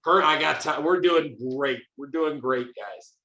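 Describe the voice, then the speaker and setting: A man's voice: on the high side, unhurried, sharp tone. Chatty male teacher in an echoey room. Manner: chatty, upbeat, many fillers and restarts. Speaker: teacher leading a coding workshop. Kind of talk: casual hands-on teaching demo.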